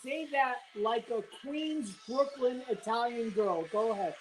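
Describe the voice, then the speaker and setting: A woman's voice: fairly high pitch, a little slow, slight background noise, poor audio. A woman co-host in casual chat, teasing and egging the others on. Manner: teasing, pushy, eggs others on.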